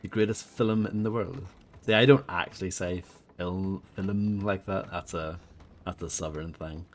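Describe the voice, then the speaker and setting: A man with a deep voice talks at a moderate pace with fairly even intonation. He chats casually with viewers while live-streaming a game, rambling and putting himself down.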